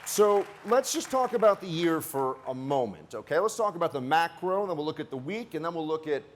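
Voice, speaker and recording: A man's voice: fairly high pitch, sing-song, brisk, a little hiss or hum. A man, a radio host, giving a political rally speech with a joking, anecdotal storytelling manner.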